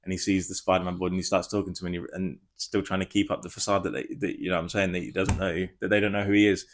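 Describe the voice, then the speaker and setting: A man giving a casual spoiler review, rambling and excitable, swearing freely. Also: low voice, very fast. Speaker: film reviewer.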